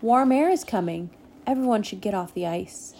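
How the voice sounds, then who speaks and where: Worried boy fairy, hesitant and warning, mellow tone, read by a woman. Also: medium pitch, lively intonation, normal speed, a little hiss or hum, close to an everyday voice. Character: cautious young male fairy, worried.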